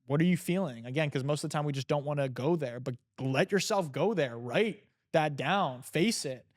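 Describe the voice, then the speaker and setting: A guest entrepreneur, seated in a chair indoors, is interviewed on a podcast. His voice is slightly high and moves at a normal speed as he reflects on emotions and self-awareness in a coaching tone, often restarting his sentences.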